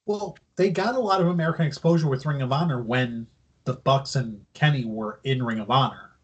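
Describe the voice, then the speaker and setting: A man's voice: mid-range voice, fairly quick, slightly rough, muffled recording. A man co-hosting a casual wrestling podcast, explaining news at length in a loose, profane way. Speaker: podcast co-host.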